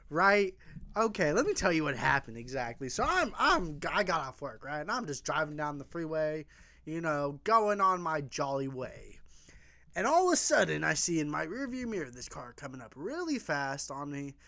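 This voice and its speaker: Young dude ranting, swears a lot, bright tone, lots of pitch swings, dry sound. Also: male voice, unhurried, dry recording. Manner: profane, animated storytelling. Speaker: podcast co-host. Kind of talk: casual chat. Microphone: desk mic, tilted.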